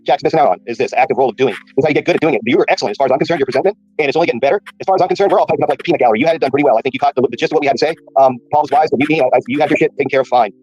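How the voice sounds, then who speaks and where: A man's voice: medium pitch, rapid-fire, few pauses, darkish tone, slightly rough, no echo. A man on an online podcast panel, giving wry, chatty thanks. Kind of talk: casual call-in panel talk. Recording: dull, dry call audio.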